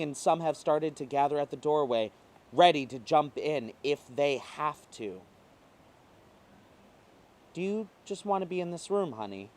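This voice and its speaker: A man reading a first-person short story aloud, emotive and swinging between quiet passages and intense ones. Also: fairly high pitch. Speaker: reader.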